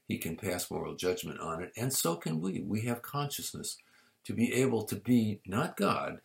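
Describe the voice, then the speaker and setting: A man preaching a sermon in a measured way, rising to emphatic peaks and dropping to soft asides. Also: on the low side, big pitch swings, gravelly. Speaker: pastor.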